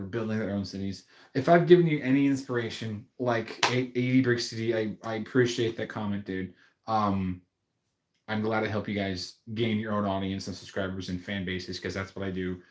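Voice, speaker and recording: A man's voice: on the low side, roomy sound. A man hosting a casual livestream, chatting in a rambling, friendly way with fillers and restarts. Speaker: YouTube livestream host.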